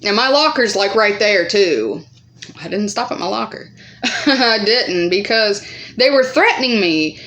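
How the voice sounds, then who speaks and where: A woman's voice: lively intonation, unhurried. A woman vlogger telling a story in a casual, rambling way, swearing often and using many fillers. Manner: acts out quoted voices higher and louder.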